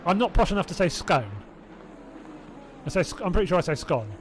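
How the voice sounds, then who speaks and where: A sing-song voice that sits high comes at a fairly quick pace over slight background noise. It belongs to a Hertfordshire man with a southern English accent calling a sim race live, who rambles and chats with viewers between calls, doubts himself aloud, and laughs to himself.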